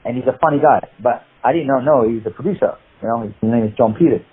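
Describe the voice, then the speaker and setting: A man telling animated, rambling stories in an interview. His voice is husky and comes through a thin, phone-like line. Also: medium pitch, quick pace. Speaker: guest, martial arts actor. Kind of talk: anecdotal interview chat.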